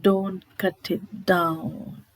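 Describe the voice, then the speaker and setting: A woman teacher reading out the lines of a grieving old man who pleads for his tree, slowly and earnestly. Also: on the low side, level tone, no echo, low-quality recording. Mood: pleading.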